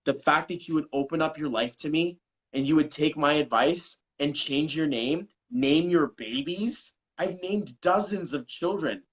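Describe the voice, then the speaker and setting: Animated man with a slightly high voice. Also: a little slow, slightly rough, low-quality recording. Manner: animated, swears, acts out quotes. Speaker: guest, numerology coach. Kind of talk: casual live-stream interview storytelling. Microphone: video call.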